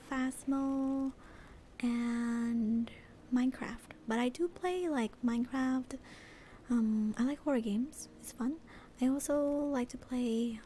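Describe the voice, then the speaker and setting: A female livestreamer chatting in whispered role-play, soft and bubbly, at home at night. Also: high-pitched, slight background noise.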